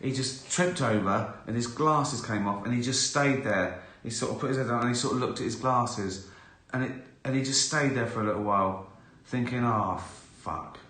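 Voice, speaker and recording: Middle-aged guy rambling on a live stream, bright voice, lots of laughs, roomy echo. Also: medium pitch, moderate pace, few pauses. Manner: chatty, laughs often, acts out little scenes. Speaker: host answering viewer questions. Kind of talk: casual live-stream chat.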